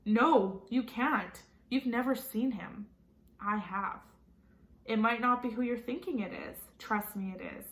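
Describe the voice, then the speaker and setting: A woman's voice: fairly high pitch, unhurried, a bit bright, roomy sound, low-quality recording. A woman reading aloud and voicing a preteen boy arguing insistently with his mother. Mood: exasperated. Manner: exasperated, insistent.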